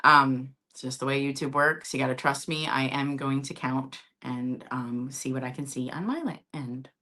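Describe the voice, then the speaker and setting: A woman's voice: very deep voice, normal speed, bright, forceful tone. A woman hosting a live-stream vintage sale, chatty and casual, often checking in with her viewers.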